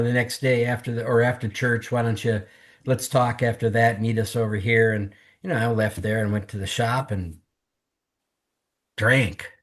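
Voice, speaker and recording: A man, a podcast guest, candidly telling his personal testimony in conversation and acting out what others said to him. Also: mid-range voice. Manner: earnest, candid storytelling that mimics others' words. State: emotional, close to tears.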